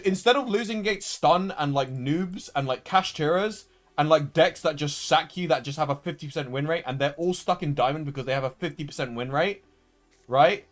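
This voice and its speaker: A young man streaming a card game live, talking through a loss with frustration and repeating himself. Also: on the high side. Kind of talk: live gameplay commentary.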